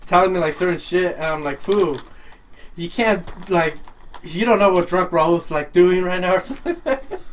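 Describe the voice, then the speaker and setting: A man's voice: high voice, moderate pace, a little hiss or hum. A young man in a casual chat with friends, laid-back and laughing often, with lots of filler words. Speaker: podcast regular.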